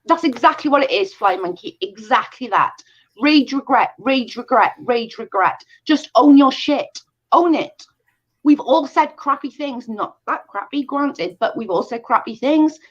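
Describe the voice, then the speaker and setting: A woman's voice: high-pitched, lively intonation, normal speed. A woman hosting a casual commentary stream, exasperated and emphatic, repeating her points. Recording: dull lo-fi stream audio.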